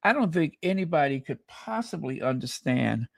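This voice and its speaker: A man's voice: fairly high pitch, big pitch swings, moderate pace, creaky, no echo, clean studio sound. A man from the United States hosting his channel, giving sassy, mocking casual commentary. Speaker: channel host.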